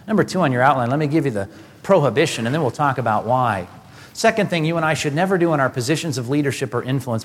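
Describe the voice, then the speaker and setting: Emphatic preacher man in a reverberant hall. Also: medium pitch. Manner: emphatic preaching, rising animated peaks. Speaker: pastor. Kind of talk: sermon.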